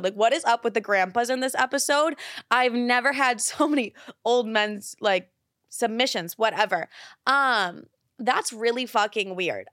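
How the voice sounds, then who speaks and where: A woman's voice: a little high, fairly bright tone, no room sound, clean studio sound. A young woman hosting an advice podcast, blunt and profane, rambling with lots of fillers. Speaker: podcast host.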